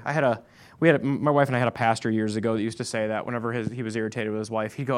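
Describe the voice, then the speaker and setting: A man's voice: mid-range voice, very fast. A man preaching a sermon as pastor, emphatic and repeating his key points.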